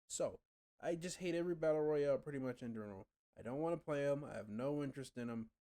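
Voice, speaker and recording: Talking fast in a warm, medium-pitched voice, a young streamer answers his viewers in a casual chat, rambling, cursing a lot, and leaving thoughts unfinished.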